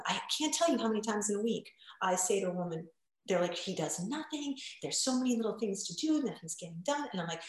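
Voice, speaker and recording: A woman podcast guest and coach chatting casually, telling stories bluntly and acting out quoted lines with lively voices. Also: mid-range voice, heavy reverb, poor audio. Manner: animated storyteller, acts out quotes, blunt, swears.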